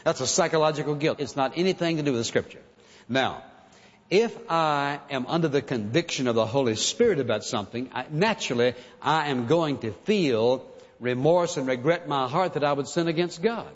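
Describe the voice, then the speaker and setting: A man with a somewhat high voice preaches a sermon, earnest and conversational, sometimes acting out pleading prayers. His voice rings with a long echo through a large hall. The recording sounds muffled and dull. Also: fairly quick.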